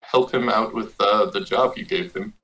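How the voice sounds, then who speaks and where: Hesitant, bright-voiced player man. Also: lowish voice, steady tone, normal speed, poor audio. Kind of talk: playing a character in a tabletop game.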